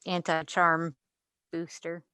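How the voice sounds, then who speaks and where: A woman playing a tabletop game, hesitant and full of fillers, speaking slowly. Her voice is dry and close. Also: on the low side, completely flat delivery, pushed and bright, clean tone, no room sound. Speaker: player. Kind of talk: casual tabletop game play.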